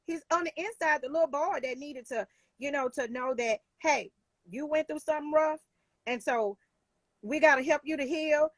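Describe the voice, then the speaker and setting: A woman's voice: sits high, moderate pace, dry recording. A woman life coach talking in a casual talk show, emphatic and heartfelt, with many restarts.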